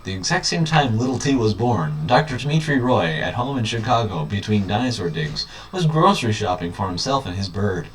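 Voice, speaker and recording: A low-voiced man reads a children's book aloud and keeps interrupting with dry, mocking asides. He sits back from the mic in a very echoey room, and a faint hiss runs underneath. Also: fairly quick, hardly any pauses, distant mic. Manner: mocking, deadpan commentary. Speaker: reader.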